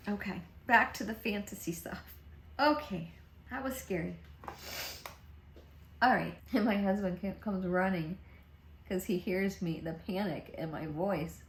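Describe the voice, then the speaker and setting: Casual woman beauty vlogger, middle pitch, rambling chatty delivery, echoey room. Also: animated, a little slow, pauses often, fairly bright tone. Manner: chatty, rambling, with repeated restarts. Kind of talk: casual makeup vlog chat. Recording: roomy echo.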